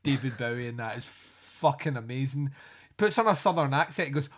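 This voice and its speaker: A man's voice: medium pitch, fairly quick, breathy edge. A man co-hosting a music podcast, chatting casually, swearing and laughing as he tells stories. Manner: sweary, laughing, animated storytelling. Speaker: podcast co-host. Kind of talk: casual chat.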